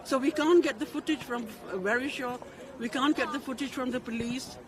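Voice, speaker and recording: A woman speaks urgently and indignantly on a busy street, her voice very high and often restarting mid-phrase. A crowd murmurs loudly around her. The sound is a raw outdoor livestream. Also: fairly quick. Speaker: protester, mother of a victim. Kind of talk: impassioned street speech. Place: outdoors on a city street at a protest. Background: crowd noise.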